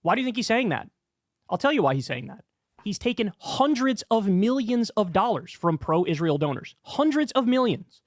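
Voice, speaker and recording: A man's voice: high-pitched, sing-song, no room sound, studio quality. A man giving heated, sarcastic political commentary as a streamer. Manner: angry, sarcastic, rapid ranting.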